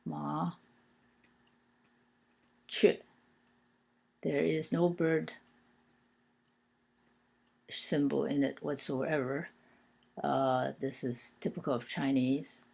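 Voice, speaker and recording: A woman teaching a language lesson, explaining written characters one by one in a patient, hesitant way with frequent pauses and filler sounds. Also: low-pitched, steady tone, gravelly, a little mellow, slightly rough.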